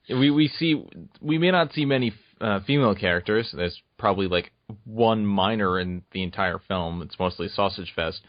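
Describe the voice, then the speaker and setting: Low-voiced enthusiastic male co-host. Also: unhurried, no room sound. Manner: enthusiastic, emphatic. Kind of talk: casual podcast chat. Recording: dull, dry lo-fi recording.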